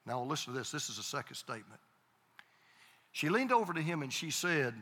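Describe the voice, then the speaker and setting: Bright-voiced pastor preaching in a hall. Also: male voice, a little high, sing-song. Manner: storytelling with repeated starts and emphatic pauses. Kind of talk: sermon storytelling.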